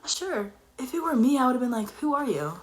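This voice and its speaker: A young woman telling a personal story in casual chat, animated and dropping into whispers for emphasis. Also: high voice, fairly quick, slight background noise.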